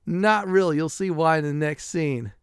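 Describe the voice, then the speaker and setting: Middle-aged guy rambling thru a game playthrough, lots of uh's, smooth kinda high voice, dry close mic. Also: moderate pace, dry recording. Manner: chatty, frequent "uh" fillers, chuckles at the game. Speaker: gameplay commentator. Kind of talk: casual game playthrough commentary.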